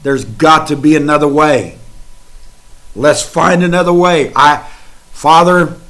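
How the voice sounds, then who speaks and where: A man preaching, voicing an anguished man who pleads desperately in prayer. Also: takes it slowly. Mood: pleading. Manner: pleading, louder and higher than the narration.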